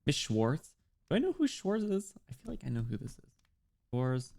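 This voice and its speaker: A man's voice: fairly high pitch, wildly swooping pitch, normal speed, gravelly, darkish tone. A young man chatting casually with his chat while streaming a game, laughing often and reading messages aloud.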